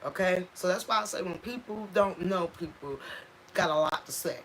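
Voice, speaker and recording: A woman's voice: lowish voice, normal speed, a bit bright, a little hiss or hum. A woman speaking on a live stream from home, raw and impassioned, repeating herself for emphasis and stopping to thank viewers. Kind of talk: emotional casual live-stream talk.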